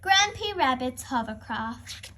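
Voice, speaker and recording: A woman reads a picture book aloud to young children as the host. Her voice is high and very animated, rising and falling with each line. She keeps the pace slow and clear. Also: slight background noise. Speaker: storyteller. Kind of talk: children's read-aloud narration.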